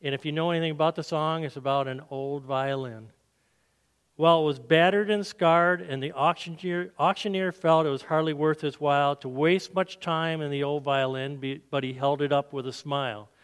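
A man giving an earnest sermon testimony and leading prayer in a church, growing soft and low as he prays. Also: fairly even intonation, moderate pace, clear, resonant tone, long reverb tail.

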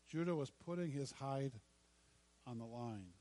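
A man preaching a sermon, telling a story dramatically with repeated lines and long pauses. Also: mid-range voice, animated, dark tone. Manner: dramatic, acts out quoted lines with pauses and repetition. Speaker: pastor.

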